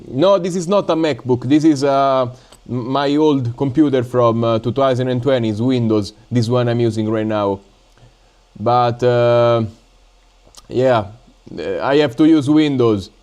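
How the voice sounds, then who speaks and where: A man from Italy with an Italian accent, chatting casually and haltingly on a live stream while building drones, with many fillers and stops. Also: medium pitch, darkish tone. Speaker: drone hobby livestreamer.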